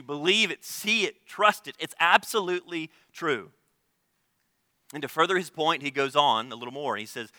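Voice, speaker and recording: Young male pastor, bright and forceful tone, dry sound; earnest sermon delivery with hushed dips. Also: medium pitch, no echo. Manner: earnest preaching, shifts between loud emphasis and hushed tones.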